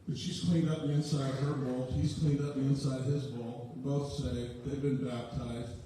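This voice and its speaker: A man's voice: medium pitch, mellow, slight background noise. A man in his sixties giving a sermon as a guest speaker, telling joking family stories in a folksy way. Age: 60s. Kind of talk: storytelling sermon. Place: large church sanctuary. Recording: very echoey hall from far off.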